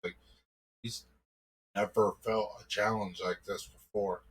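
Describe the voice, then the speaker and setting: A man's voice: on the low side, little pitch movement, slow, a little hiss or hum, low-quality recording. A man improvising a story, telling it casually and loosely, with many "like" fillers.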